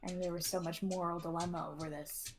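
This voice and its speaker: A woman's voice: lowish voice, level tone, a little fast. Player: woman, wry and joking, casual table chat.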